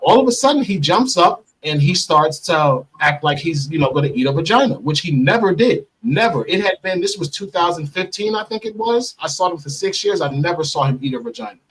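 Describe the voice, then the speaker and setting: A man with a husky, somewhat high voice tells a long personal story in casual talk. He livens it with sudden jumps in pitch when he acts out what others said. He sits a bit away from the microphone. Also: animated, fairly quick, few pauses, distant mic, rough recording. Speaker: guest telling his story.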